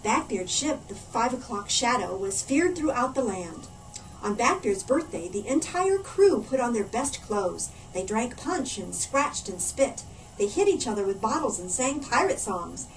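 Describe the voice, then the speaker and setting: A woman, a children's librarian, reading a storybook aloud in a playful, animated way. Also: on the high side, a little slow. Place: library room. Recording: distant mic, faint room noise.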